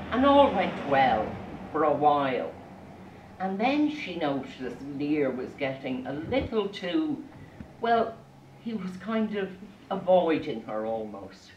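A playful woman storyteller, slow and unhurried, with a low voice that swings widely as she acts out her characters. She sounds a little away from the mic in an echoey room. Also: distant mic, a little hiss or hum. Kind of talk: live storytelling to children. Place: arts centre room with audience.

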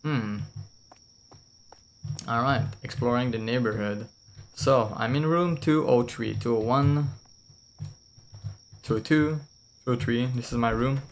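A man's voice: mid-range voice, takes it slowly, pauses often, slight background noise. A man, casually commentating a game while streaming, blunt, swearing and laughing often. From France. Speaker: VTuber streamer.

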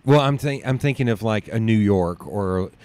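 A man with a very low voice hosts a casual podcast interview. He jokes freely and drifts into rambling anecdotes, telling stories with animated asides. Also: moderate pace. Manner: jokey, rambling, animated storyteller. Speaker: podcast host.

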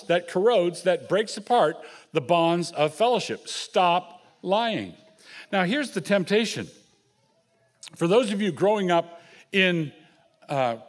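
An older man delivers a sermon from the pulpit in a slightly raised pitch. He talks in an earnest, plain way, repeating phrases for emphasis. He often addresses the children directly. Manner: earnest preaching with repetition and asides to children. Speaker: pastor.

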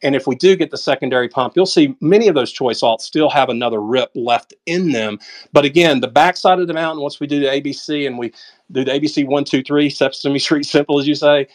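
A man's voice: medium pitch, fairly quick. A man with a Southern drawl giving blunt, emphatic market commentary in casual chat over an audio call, full of folksy sayings.

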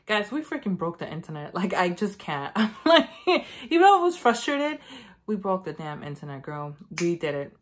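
A woman's voice: lowish voice, very animated, normal speed. A woman beauty vlogger chatting casually, telling a rambling story full of "like" and acting out her own lines. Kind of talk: casual chat.

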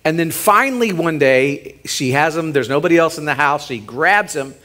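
A man, a pastor co-leading a sermon, retelling a Bible story in an animated, joking way. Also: fairly high pitch, normal speed. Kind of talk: sermon, co-preaching.

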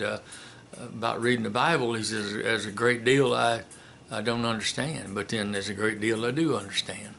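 A man giving a casual spoken commentary and telling a joke in a folksy, unhurried way with many filler pauses. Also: medium pitch, vocal fry, pushed and bright, slight background noise. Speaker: commentator and storyteller.

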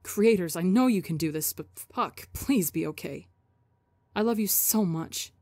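A woman's voice: fairly low pitch, lively intonation, unhurried, darkish tone, no echo. A woman voicing a frantic young man pleading and swearing in a message, in a storybook reading.

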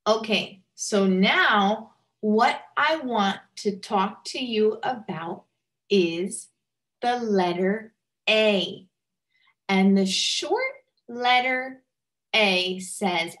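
A woman's voice: fairly high pitch, sharp tone. A woman teacher giving a phonics lesson to young children, speaking patiently and modelling sounds. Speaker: first-grade teacher.

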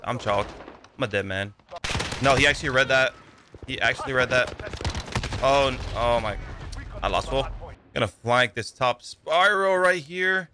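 A young man giving live commentary over his own shooter gameplay, talking in a loose, excitable way, swearing now and then and yelling when the fighting heats up. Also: medium pitch, noisy background. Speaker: gaming YouTuber. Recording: gunfire sounds behind the voice.

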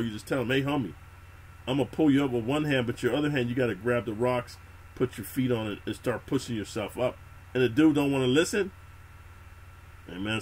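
Here a YouTube prison-story host, a middle-aged man, speaks in a mid-range voice over slight background noise. His unscripted, casual talk recounts prison and military experiences, packed with street slang and nonstop swearing, and he calls his listener "homie."

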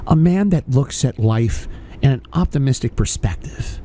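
A man voicing a deep-voiced, cheerful optimist who muses slowly and earnestly about life. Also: lively intonation, warm tone, a little hiss or hum, close to an everyday voice.

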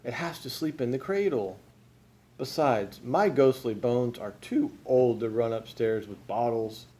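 A man voicing a kindly old male ghost in a storybook, speaking softly and plainly. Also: mid-range voice, measured pace, close to an everyday voice. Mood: musing.

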